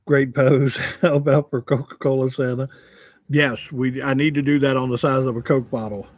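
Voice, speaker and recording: A man's voice: mid-range voice, flat delivery, moderate pace, dry recording, clean studio sound. A man in his sixties, a longtime radio host, chatting casually on a livestream and reading comments, joking and poking fun at himself. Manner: joking, chatty and self-mocking.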